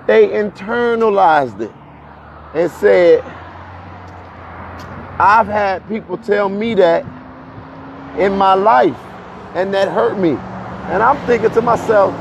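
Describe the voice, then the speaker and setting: A fairly high-voiced man talks in to his live-stream viewers, a little out of breath as he walks uphill outdoors. He is animated, often repeats words and laughs between points. The phone audio is dull and lo-fi, with faint street noise behind him. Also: slow, gravelly, long pauses. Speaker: livestream host.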